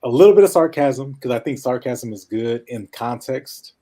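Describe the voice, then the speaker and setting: A man with a nasal voice, a guest in a casual interview, talking quickly, now and then mumbling and breaking into laughter. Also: medium pitch, lively intonation, warm tone. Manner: fast-talking, sometimes mumbles, laughs often. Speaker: podcast guest.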